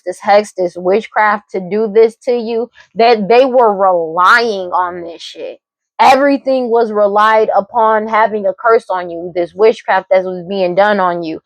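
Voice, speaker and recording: A woman's voice: medium pitch, no room sound. A woman giving a casual tarot reading, talking emphatically and repetitively with a lot of profanity and frequent laughs. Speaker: tarot reader.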